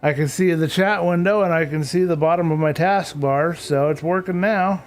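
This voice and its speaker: A man's voice: sits high, normal speed, hardly any pauses, faint music behind. Chatty man streaming a game. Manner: chatty, talks to himself and viewers, mildly grumbling about tech. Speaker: live streamer. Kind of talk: casual live-stream chat while gaming.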